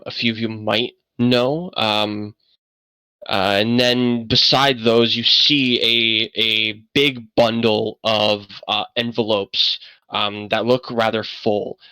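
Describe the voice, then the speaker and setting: Bright-voiced man narrating as game master. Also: on the low side, clean tone, no echo, low-quality recording. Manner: many fillers, halting, stop-start narration. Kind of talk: narrating an online tabletop game.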